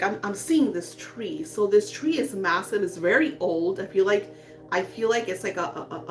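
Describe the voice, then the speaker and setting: Female psychic reader, soft and reassuring, mid-range voice, faint music underneath. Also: medium pitch. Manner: soft, soothing, spiritual affirmations. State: emotional. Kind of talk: live psychic reading.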